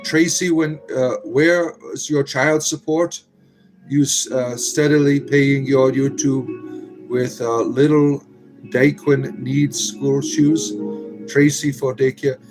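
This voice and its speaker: A man's voice: medium pitch, steady tone, slow pace, over music, poor audio. A man hosting a casual livestream on a phone, answering viewer comments in a rambling way with many fillers and restarts. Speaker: livestream host.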